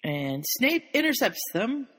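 A woman's voice: a little high, very animated, measured pace, fairly bright tone, breathy edge. Woman retelling a story with long reverb. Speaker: podcast co-host. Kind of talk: casual chat, retelling a story.

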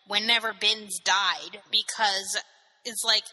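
A woman's voice: mid-range voice, steady tone, slow, sharp tone, in a large hall, low-quality recording. A woman co-hosting a podcast in casual chat, chatty and joking, asking rhetorical questions. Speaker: podcast co-host.

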